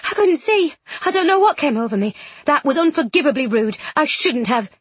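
A woman's voice: big pitch swings, fairly quick, dry recording. A woman putting on a flustered bookish young lady. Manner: high, breathless and apologetic.

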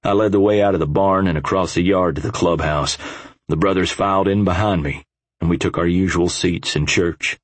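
A man's voice: sits low, steady tone, brisk, no echo. A man narrating an audiobook in a gritty, profane first-person voice.

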